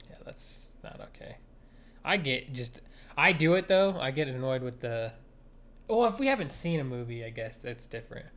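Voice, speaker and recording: A man's voice: mid-range voice, expressive, moderate pace, a bit bright. A man co-hosting a podcast in casual chat, teasing his co-host with a wry manner and laughing often.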